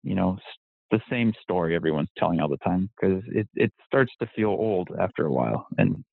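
A man's voice: deep voice, animated, fairly quick, creaky, no room sound. A man chatting as a podcast guest, rambling and self-deprecating, laughing often. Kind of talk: casual interview chat. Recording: tinny phone-like line.

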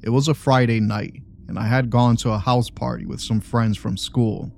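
A man reading a first-person story aloud as scripted narration, in a steady, measured way. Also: mid-range voice, vocal fry, a little hiss or hum.

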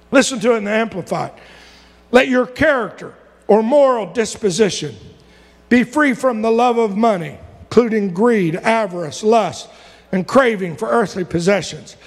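A male pastor preaching a sermon, reading scripture aloud and building to repeated shouted lines. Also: very high voice. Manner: preaching with rising shouts and repetition. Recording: long reverb of a hall.

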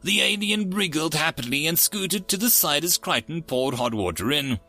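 A man narrates a fiction story with a lively, expressive delivery, his pitch rising and falling freely. His voice has a bright, forward edge. Quiet music plays faintly beneath the reading. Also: normal speed.

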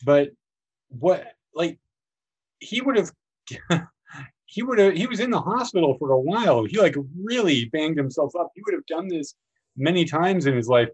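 A man hosting a podcast, talking casually about a film in a rambling, animated way, often acting out lines in a raised voice. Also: on the high side, normal speed, long pauses, slightly rough, low-quality recording. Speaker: podcast host.

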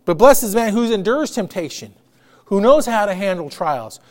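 A man's voice: high-pitched, lively intonation, moderate pace. A man pastor preaching a sermon in a church service, emphatic, with repeated phrases and call-and-response.

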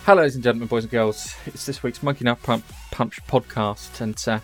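A man's voice: mid-range voice, fairly even intonation, a little fast, a bit bright, soft background music. Joking, rambling male podcast host. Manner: jokey, rambling, swears casually. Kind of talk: casual chat.

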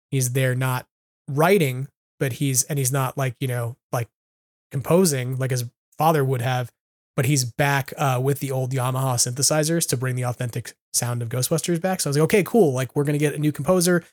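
A man co-hosting a casual podcast chat, rambling and animated with lots of fillers. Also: medium pitch, normal speed, no echo, studio quality. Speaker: podcast co-host.

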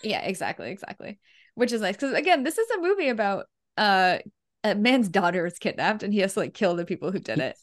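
Chatty, lively woman podcast co-host. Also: mid-range voice, no room sound, studio quality. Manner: chatty, halting, lots of fillers and laughs. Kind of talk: casual chat.

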